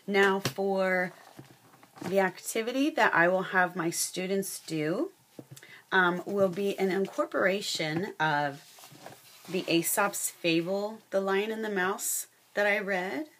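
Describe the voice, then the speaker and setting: A woman giving a class presentation and reading a fable aloud, unhurried with many fillers. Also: mid-range voice, fairly bright tone, slight background noise.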